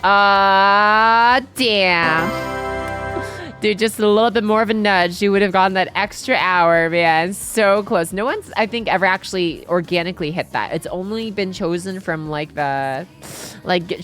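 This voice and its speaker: A woman's voice: on the low side, a little slow, a bit bright, soft background music. Chatty Southern US woman streamer. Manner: chatty and rambling, swears casually. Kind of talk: casual livestream chat.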